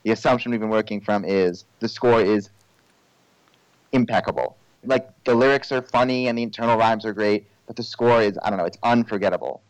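A man's voice: fairly low pitch, brisk, dry recording, low-quality recording. A man chatting casually with a co-host about a musical, asking wry, joking questions. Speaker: podcast co-host.

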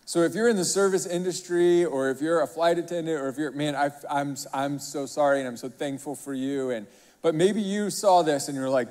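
A pastor delivers a sermon in a rather high voice, carried by the long reverb of a large hall. He tells stories animatedly and keeps asking the congregation rhetorical questions. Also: a little fast, darkish tone.

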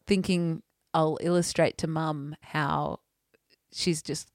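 A woman's voice: low-pitched, slow, dry recording, studio quality. A woman, chatting casually and telling funny stories, laughing often and acting out the people she quotes. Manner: animated storyteller, laughs often, acts out quoted voices. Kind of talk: casual chat and storytelling.

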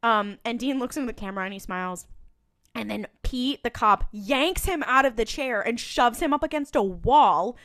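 A woman's voice: fairly high pitch, normal speed, dry recording. A woman co-hosting a podcast, recapping a TV episode in casual chat, quoting lines and laughing often. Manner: animated, laughing, quoting characters in lively bursts. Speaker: podcast co-host.

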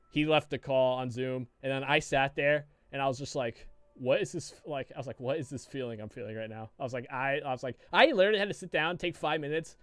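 A man co-hosting a casual podcast, his voice smooth and resonant. He rambles through a story, swearing freely and restarting his sentences, and the sound is close and dry. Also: mid-range voice, fairly bright tone, dry recording. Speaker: podcast co-host.

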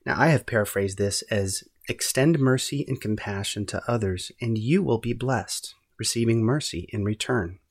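A man hosting a podcast, giving measured, earnest, scripted Bible-study narration. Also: lowish voice, slightly rough. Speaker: podcast host.

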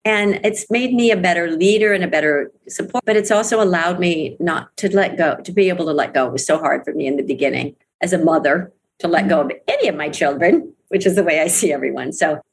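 Earnest middle-aged woman, low-pitched voice. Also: fairly quick, few pauses, slightly rough. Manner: earnest and emphatic, repeats phrases for weight. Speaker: guest, network marketing leader. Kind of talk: candid interview talk.

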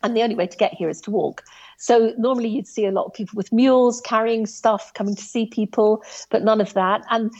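A woman telling a story about her hike in a casual, animated way, full of asides and restarts. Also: a little high, a little fast, highs cut off. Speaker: guest recounting a hike.

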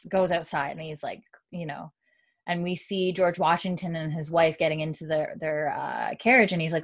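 A woman's voice: sits low, normal speed. A woman hosting a casual podcast chat, retelling scenes and acting out the characters' lines. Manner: animated storyteller, acts out characters' lines. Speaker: podcast host recapping a show.

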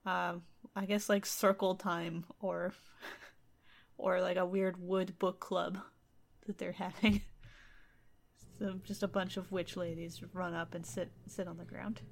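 A woman's voice: lowish voice, level tone, takes it slowly, creaky, long pauses. A woman co-host casually retelling a folk tale, with wry, sarcastic asides. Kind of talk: casual comedic storytelling.

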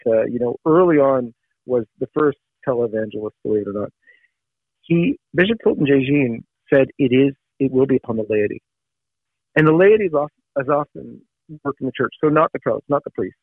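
Earnest guy from canada, gravelly voice, tinny phone sound, dry. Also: medium pitch, expressive, brisk, dry recording. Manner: earnest, with frequent restarts and fillers. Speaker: guest, founder of a news site. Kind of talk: casual interview chat.

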